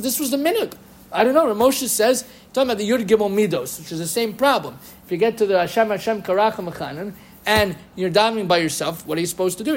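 A man giving a lively lecture on Jewish law, quoting rabbinic sources and chanting Hebrew phrases. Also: sits high. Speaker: Torah teacher. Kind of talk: halachic lecture.

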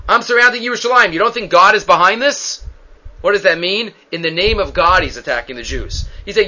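A man teaching a verse-by-verse Bible lesson, quoting Hebrew verses and translating them as animated storytelling. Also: sits high, moderate pace, dull audio. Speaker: Torah teacher.

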